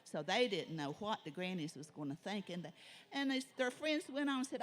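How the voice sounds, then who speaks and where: A woman storyteller, telling a folk tale in a folksy, drawn-out way. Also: medium pitch, animated.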